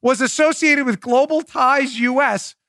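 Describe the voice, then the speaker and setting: Sarcastic man, high bright voice. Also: unhurried, no room sound, studio quality. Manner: mocking, animated, laughs at own jokes. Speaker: podcast host. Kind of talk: sarcastic political commentary.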